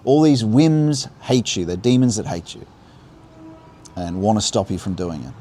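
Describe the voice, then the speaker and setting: Outdoors by river rapids, a man speaks in a dark voice on the low side with lively intonation, livestreaming earnest, improvised religious teaching. He muses and restarts his thoughts as he goes, while faint rushing water plays behind him.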